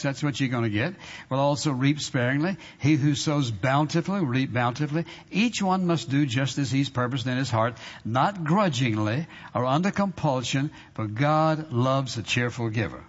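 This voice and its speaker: A man's voice: medium pitch, normal speed, breathy edge. Male pastor, emphatic conversational sermon, long hall reverb, slightly muffled sound. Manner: emphatic, conversational preaching with repetition and audience prompts. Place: church sanctuary. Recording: dull reverberant hall recording.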